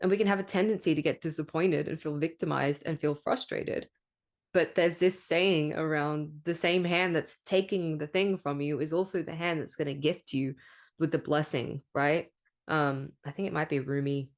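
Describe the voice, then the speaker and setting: A woman's voice: low voice, steady tone, normal speed. A woman hosting a spiritual podcast in a casual monologue, candid and emphatic, swearing freely and often tagging thoughts with "right?". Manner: spiritual coaching talk, rhetorical "right?". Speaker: podcast host.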